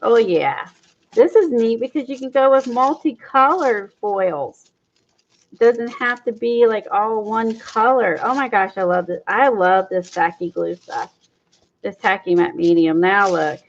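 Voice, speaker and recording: A woman hosting a craft livestream, chatting excitedly to her viewers as she works. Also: medium pitch, measured pace. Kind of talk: casual livestream demo chat. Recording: dull lo-fi livestream audio.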